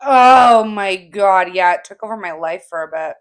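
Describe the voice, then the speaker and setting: A woman's voice: medium pitch, normal speed. A young woman co-hosting a casual podcast, telling stories in a bubbly, giggly way, wired on an energy drink. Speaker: podcast co-host. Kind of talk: casual chat.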